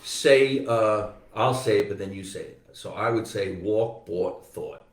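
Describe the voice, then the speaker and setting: A man's voice: on the low side, moderate pace, distant mic. Jersey-accented man in an echoey room. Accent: New Jersey. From New Jersey. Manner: loud, joking, swearing storyteller. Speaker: podcast host. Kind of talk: casual comedy chat. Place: basement room.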